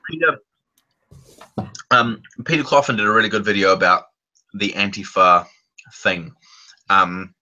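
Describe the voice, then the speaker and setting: Very bright-voiced man rambling fast. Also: lowish voice, lo-fi sound. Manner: rambling, restarts sentences, laughs while talking. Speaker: channel host. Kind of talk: casual chat.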